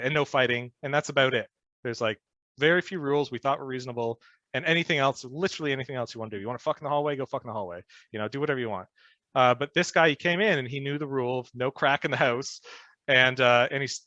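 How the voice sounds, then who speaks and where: A man's voice: medium pitch, bright, forceful tone, dry recording, highs cut off. A man telling stories as a podcast guest in a casual, rambling way, swearing and laughing often. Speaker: podcast guest, former band musician. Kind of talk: casual storytelling chat.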